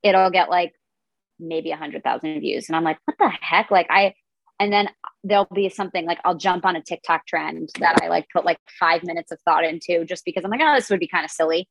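A woman's voice: fairly low pitch, steady tone, a little fast, creaky, dry recording, poor audio. A woman in her twenties, a comedian, chatting casually and upbeat in a podcast interview, full of filler words. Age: 20s. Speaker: comedian and content creator, guest.

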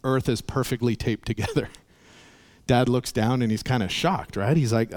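A man's voice: medium pitch, normal speed, darkish tone. Man preaching a sermon. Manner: storytelling with acted voices, earnest. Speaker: pastor.

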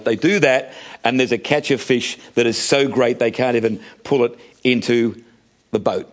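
A man's voice: medium pitch, fairly even intonation, moderate pace. Preacher man in a dramatic sermon. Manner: dramatic, acts out voices of Bible characters; addresses listeners as friends.

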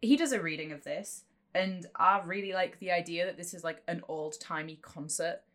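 A woman's voice: fairly low pitch, moderate pace, a bit bright. A woman co-hosting a podcast, chatting in a joking, chatty way. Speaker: podcast co-host. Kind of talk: casual chat.

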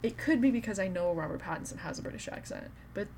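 A woman's voice: medium pitch, lively intonation, fast, a little mellow, slight background noise. A woman co-hosting a podcast, chatting casually about a book and laughing often as an eager fan. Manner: giggly, gushing fan. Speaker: podcast co-host. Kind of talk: casual book-club chat.

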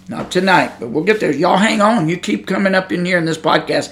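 Into a studio microphone, a man with a high, slightly bright voice preaches an informal podcast sermon, folksy and emphatic, building to fervent intensity.

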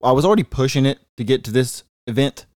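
Male podcast co-host, very quick talker, profane and exasperated, dry close-miked sound. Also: mid-range voice, animated, darkish tone, dry recording. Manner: rapid, profane, exasperated storytelling. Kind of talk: casual sports chat and storytelling.

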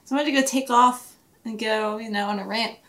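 A young woman co-hosting a podcast, chatting casually and chiming in with quick reactions. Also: a little high, fairly even intonation, fairly bright tone, a little hiss or hum. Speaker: podcast co-host. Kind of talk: casual chat.

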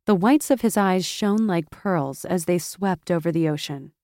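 A woman narrating a fantasy audiobook in a measured, expressive storytelling manner. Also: lowish voice, no room sound, studio quality. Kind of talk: scripted narration.

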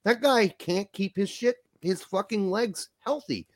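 A man's voice: sits high, unhurried, no room sound. A man co-hosting a casual livestream chat, talking bluntly with frequent swearing and jokes. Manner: blunt, profane, joking. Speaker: podcast co-host.

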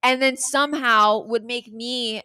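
A young woman co-hosting a casual podcast recap, animated and swearing freely. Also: on the high side, a little slow, clear, resonant tone. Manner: animated, swearing, bursts of laughter. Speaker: podcast co-host.

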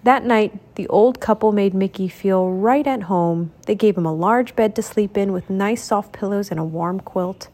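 A woman reading a children's storybook aloud, clear, expressive and steady. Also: mid-range voice, moderate pace, hardly any pauses.

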